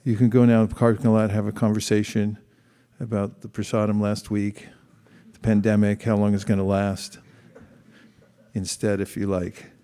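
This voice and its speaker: A man with a low, mellow voice gives a relaxed, conversational sermon, stopping to read scripture aloud and reflect on it. His voice rings out with a long reverb, as if in a large hall. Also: normal speed, clear, resonant tone. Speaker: speaker giving a scripture class.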